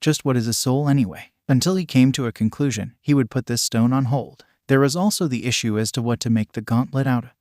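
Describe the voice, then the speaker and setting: A man's voice: medium pitch, fast talker, few pauses, darkish tone, no echo. Man narrating fan fiction, dry close voice.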